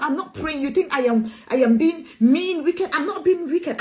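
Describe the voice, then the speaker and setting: A woman's voice: very high voice, expressive, normal speed, darkish tone. A woman preacher, preaching an emphatic sermon, repeating phrases and calling listeners sweetheart.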